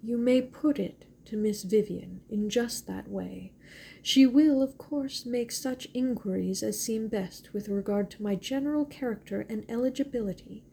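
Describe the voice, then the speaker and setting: A woman reading the part of a calm, reserved and kindly gentleman in a novel, speaking evenly and formally. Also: on the high side, unhurried, creaky, a little hiss or hum.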